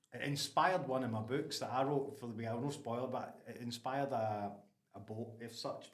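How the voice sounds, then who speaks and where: Ayrshire Scottish male host, animated and laughing, recorded in a roomy space. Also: mid-range voice. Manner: animated, laughs often, restarts, Scots words like aye and wee. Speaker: podcast host. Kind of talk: casual chat.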